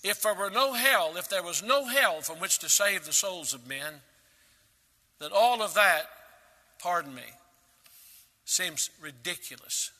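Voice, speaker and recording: A man preaching a sermon, emphatic, with sudden loud rises and quiet drops. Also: sits high, animated, unhurried, pauses often, in a large hall. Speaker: pastor.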